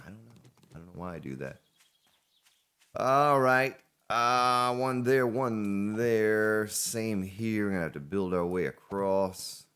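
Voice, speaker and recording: Deep-voiced man rambling over gameplay. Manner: rambling, talks to himself. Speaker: gaming let's play host. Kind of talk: casual gameplay commentary.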